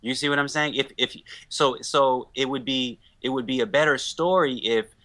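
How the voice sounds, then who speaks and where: A man's voice: medium pitch, normal speed, pushed and bright. A man making an earnest point in a discussion, stopping often with fillers. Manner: earnest, hesitant with many fillers. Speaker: panel guest.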